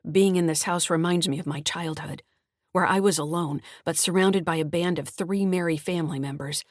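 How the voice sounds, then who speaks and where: A woman with a low, deep voice narrates a mystery thriller in a calm, measured read. The sound is dry and close, with no room around it. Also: dry recording. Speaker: author and audiobook narrator. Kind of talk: scripted audiobook narration.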